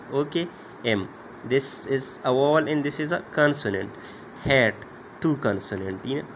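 A man teaching a grammar lesson, halting often with "uh" and "okay" as he explains. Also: medium pitch, fairly bright tone, a little hiss or hum. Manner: slow, halting, many "uh" and "okay" fillers. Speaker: English teacher.

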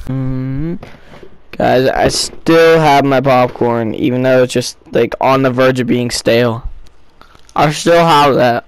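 A young man giving casual, jokey commentary while playing a video game, breaking into excited yelps. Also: mid-range voice, slow, smooth, rough recording. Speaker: gaming video creator.

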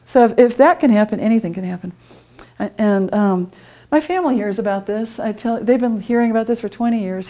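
A woman of middle age, speaking to a conference audience in an animated, storytelling way. She laughs often and acts out her own inner voice. Her voice sits a little high but sounds soft and mellow. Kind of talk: storytelling presentation. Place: conference room.

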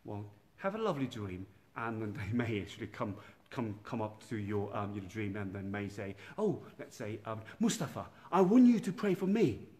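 A man, a priest, giving an informal night prayer talk in a gentle, halting way, with many pauses and restarts, recorded without a proper microphone. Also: on the low side, animated. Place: dark church room by candlelight. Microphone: no external microphone, built-in device mic. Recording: poor sound quality without microphone.

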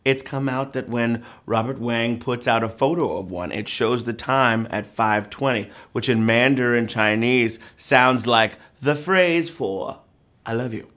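A man hosting a live trivia game show, playful and joking, with loud whoops. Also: mid-range voice, unhurried.

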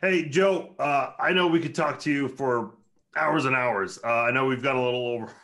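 A man's voice: mid-range voice, normal speed, a bit bright. Podcast host man wrapping up. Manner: brief, friendly interjections. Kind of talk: casual interview.

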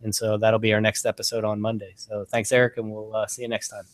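A man's voice: lowish voice, completely flat delivery, fast talker, no echo. A man hosting an interview podcast, chatting casually and rambling with many fillers. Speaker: podcast host.

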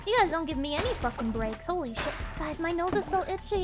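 A young woman playing a game on stream, chatting casually with her audience, swearing a lot and breaking into loud outbursts. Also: extremely high pitch, lively intonation, brisk, hardly any pauses, loud music behind the voice. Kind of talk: casual gaming stream chat.

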